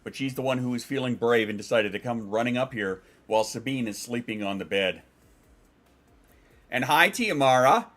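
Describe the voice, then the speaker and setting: A man's voice: fairly low pitch, steady tone, fairly quick, hardly any pauses. A man streaming from home, chatting casually and rambling, swearing and reading out chat messages.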